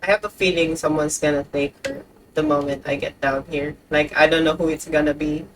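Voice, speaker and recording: Swearing woman streamer, low voice. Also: fairly even intonation, brisk, slight background noise, rough recording. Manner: chatty, swears often, talks to game characters. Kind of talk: casual gameplay commentary.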